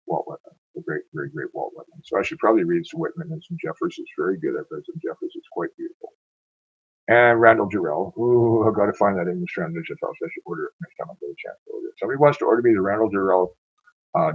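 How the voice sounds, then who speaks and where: A tired man reads verse aloud and then wanders off into a rambling talk, correcting himself and tripping over words. His voice sits low, with a gravelly, husky grain. The recording is dry and dull, with a lo-fi sound. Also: no echo. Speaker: poetry reader. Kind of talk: reading poems aloud, then rambling monologue.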